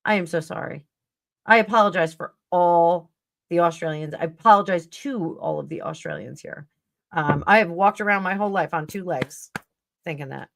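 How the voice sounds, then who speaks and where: A middle-aged woman hosts a live tarot stream, chatting casually and rambling with fillers and self-corrections. Her lowish voice is sing-song at normal speed, with no room sound.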